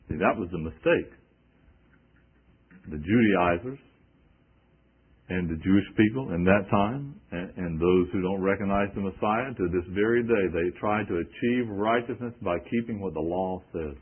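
Deep, husky preacher on tinny radio. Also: male voice, normal speed. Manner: emphatic, rhetorical questions, quoting scripture. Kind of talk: sermon.

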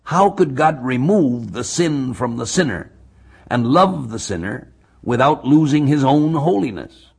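A man giving expository Bible teaching, measured and deliberate, reading scripture slowly. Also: medium pitch, sing-song, gravelly, slightly rough.

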